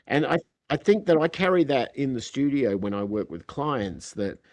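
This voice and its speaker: A middle-aged man with an Australian accent, chatting casually as a podcast guest and telling animated stories that act out quoted dialogue. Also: mid-range voice, moderate pace, no echo. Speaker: podcast guest, recording engineer. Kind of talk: casual chat.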